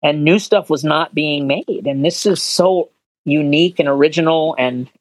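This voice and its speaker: A man being interviewed as a voice actor, telling animated anecdotes and acting out quotes in higher voices. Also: moderate pace, dry recording, rough recording. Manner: animated storyteller, acts out quotes in high voices. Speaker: voice actor guest.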